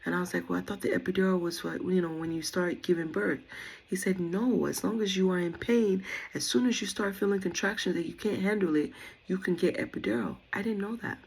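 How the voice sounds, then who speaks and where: A young woman with a drawl talks straight to her viewers, telling a story in a casual, animated way and acting out what everyone said. Her voice sits low, with a husky, gravelly edge. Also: brisk. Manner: chatty, animated retelling with quoted dialogue. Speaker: vlogger.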